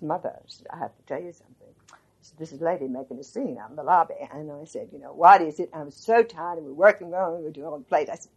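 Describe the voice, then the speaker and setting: Husky older woman telling a story. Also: lowish voice, muffled recording. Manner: animated, quotes people, restarts often. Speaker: interviewee. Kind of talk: storytelling reminiscence.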